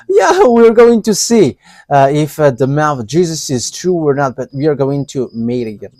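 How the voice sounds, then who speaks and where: Male preacher, fairly high voice, slow and halting, dry close sound. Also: big pitch swings, warm tone, dry recording. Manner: halting, with frequent pauses and fillers; chuckles between statements. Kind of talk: live sermon.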